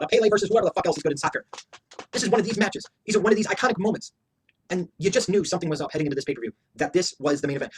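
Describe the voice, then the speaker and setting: A man's voice: sits high, breathy edge. A man giving a heated, profane, opinionated review rant as a wrestling show reviewer, hammering his points with emphatic repetition.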